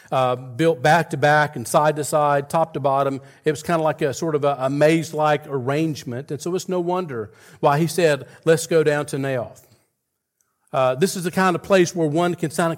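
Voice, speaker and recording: An earnest male preacher delivers a sermon with a slightly raised voice. He retells biblical scenes with building intensity and stumbles through frequent restarts and fillers. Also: a little high. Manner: earnest, retells scripture dialogue with rising intensity.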